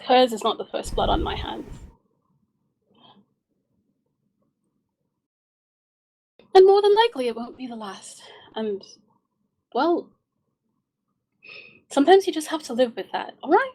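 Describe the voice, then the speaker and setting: A woman's voice: high voice, very animated, moderate pace, pauses often, darkish tone, low-quality recording. A woman playing a weary adventurer in a live-streamed tabletop game, stammering through awkward condolences with many restarts. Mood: hard.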